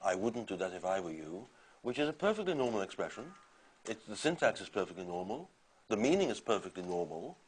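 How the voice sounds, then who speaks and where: Man lecturing, low voice, casual and hesitant. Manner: conversational, hesitant with fillers and restarts. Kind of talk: university lecture.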